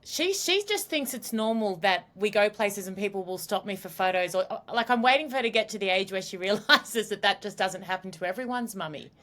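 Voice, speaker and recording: A woman's voice: medium pitch, lively intonation, brisk, few pauses. Effusive woman hosting an interview. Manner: warm, effusive and encouraging. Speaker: interview host. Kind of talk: casual interview chat.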